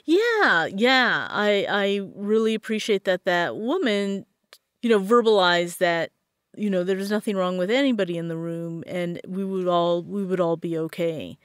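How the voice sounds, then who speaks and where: Woman, podcast guest, lively storytelling, dry close mic, mid pitch. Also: measured pace, dry recording. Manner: animated, acts out quotes in a lively way. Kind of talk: casual interview storytelling.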